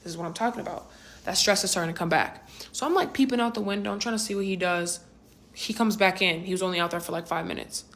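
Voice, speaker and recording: A young adult woman narrating a personal storytime vlog in a casual, slangy and animated way, with rhetorical asides to the listener. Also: medium pitch, fast talker.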